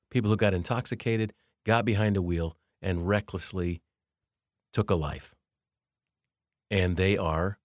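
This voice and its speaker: A man with a very low voice delivers an emphatic Bible lecture, reading scripture passages aloud to make his points. The recording is close and dry, with no room sound. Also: no echo. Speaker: Bible teacher. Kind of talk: theology lecture.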